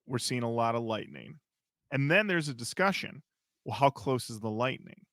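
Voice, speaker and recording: A man's voice: mid-range voice, moderate pace, no echo. A man co-hosting a podcast, telling a backstage story in casual chat and acting out what people said. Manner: animated, acts out quotes. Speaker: podcast co-host.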